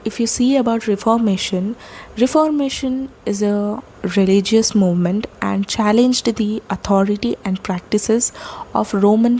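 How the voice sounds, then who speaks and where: A woman giving a lecture, explaining poetic terms step by step, with fillers and pauses. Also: medium pitch, mellow, slight background noise, poor audio.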